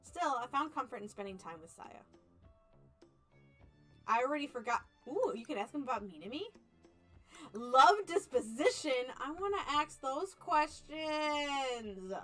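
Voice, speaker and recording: A young woman streamer reading an otome game aloud and chatting with viewers, animated, laughing often and playfully mock-angry. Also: high-pitched, unhurried, faint music behind. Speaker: VTuber streamer.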